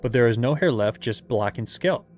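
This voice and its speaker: A man's voice: medium pitch, expressive, moderate pace, a little mellow, soft background music. Give me a man reading a gamebook aloud with playful, joking asides. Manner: playful, laughing asides while narrating. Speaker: game master reading a gamebook.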